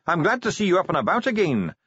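A man's voice: high voice, big pitch swings, quick pace, a bit bright, slightly rough, no echo, lo-fi sound, voice pushed up, exaggerated voice. A man voicing an urgent, insistent male dwarf elder in an audiobook.

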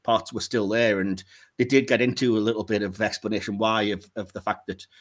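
A man co-hosting a podcast in casual chat, animated and laughing often as he rants. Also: on the low side, fairly quick. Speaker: podcast co-host.

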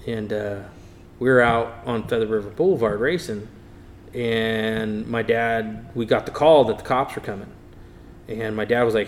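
A man's voice: mid-range voice, normal speed, slight background noise. A middle-aged man, telling a racing story in a casual interview and acting out the voices he quotes. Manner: animated storyteller, acts out quotes, laughs often. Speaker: interviewee, hot rod racer.

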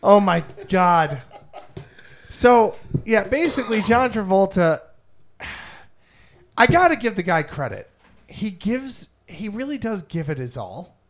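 Lively laughing male podcast co-host. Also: high-pitched, takes it slowly, long pauses. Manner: animated, laughing, acts out scenes. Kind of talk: casual chat.

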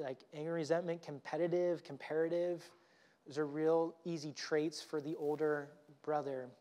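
A man's voice: fairly high pitch, darkish tone. A male pastor giving a casual, conversational sermon with fillers and repeated words. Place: church.

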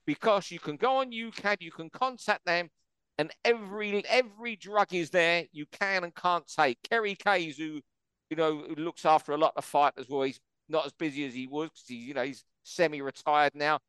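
A man's voice: on the high side, moderate pace, fairly bright tone, smooth, no room sound. Emphatic male boxing show host. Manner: emphatic, opinionated. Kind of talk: boxing talk show discussion.

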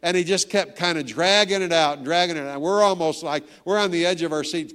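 Older pastor preaching with playful punch. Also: male voice, on the high side, fairly quick, a bit bright, smooth. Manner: storytelling, joking with the crowd, emphatic. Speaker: guest pastor. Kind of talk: sermon.

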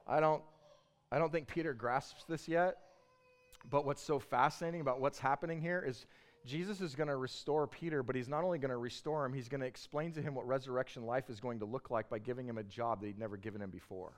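Man, sermon, storytelling tone, mid pitch, grows impassioned. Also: fast. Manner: conversational storytelling, building to passionate emphasis. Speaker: pastor.

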